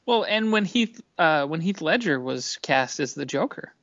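A man's voice: fairly high pitch, lively intonation, normal speed, a bit bright, no room sound. A man with a Boston accent co-hosting a casual sports podcast, chatty and hesitant. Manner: hesitant, chatty, laughs easily. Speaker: podcast co-host. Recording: dry dull lo-fi audio.

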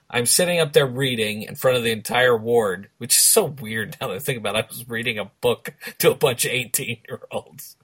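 Husky guy, 40s, mid pitch, jokey banter with his co-host. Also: a little fast, a bit bright. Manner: teasing, joking banter. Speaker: podcast co-host. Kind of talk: casual chat.

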